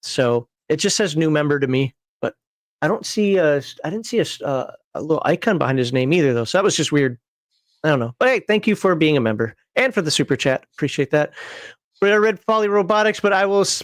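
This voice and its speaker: Male stream host, a bit high-voiced, reading out chat with blunt opinions; dry close-miked sound. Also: no echo. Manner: opinionated and wry, with frequent fillers. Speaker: host of a livestream panel show. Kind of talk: casual livestream chat, reading viewer comments.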